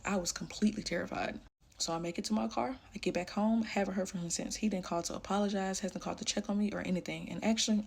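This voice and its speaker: A young woman telling a personal story casually, full of "like", often dropping into a hushed voice. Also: fairly low pitch, gravelly, slight background noise. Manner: casual, fillers like "like", drops to hushed tones.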